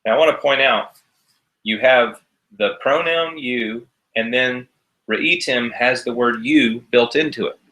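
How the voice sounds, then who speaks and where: A man's voice: mid-range voice, unhurried, bright, forceful tone, low-quality recording. A man teaching a recorded class, explaining each step patiently. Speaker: Hebrew teacher.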